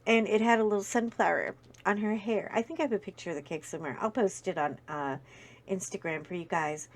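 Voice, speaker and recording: A woman chats casually while she works on a craft project. She tells a long anecdote in an animated way, with many fillers and acted-out quotes. Her pitch sits in the middle for a woman. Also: a little fast. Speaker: video host. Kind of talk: casual storytelling while diamond painting.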